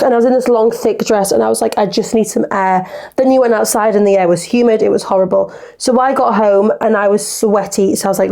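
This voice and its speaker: A woman's voice: mid-range voice, vocal fry, dark tone. A young woman in her twenties hosting a casual solo podcast, rambling through stories and acting out the conversations in them. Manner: chatty, rambling storyteller, acts out conversations. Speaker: podcast host.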